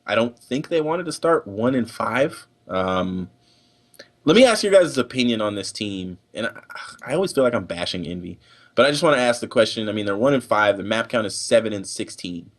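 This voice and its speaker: A man's voice: lowish voice, expressive, a little fast. A young man hosting a casual gaming stream show, talkative, with many fillers and restarts. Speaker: podcast host.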